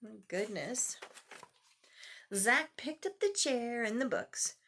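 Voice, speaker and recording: An older woman reading a picture book to children, with animated, exclaiming asides to the listener. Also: a little high, slow pace, slight background noise. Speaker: storyteller grandmother.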